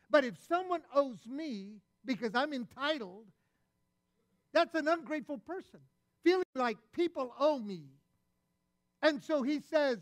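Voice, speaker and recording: A man preaching a sermon as pastor, retelling a parable and acting out its voices with animated delivery. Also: very high-pitched, no echo.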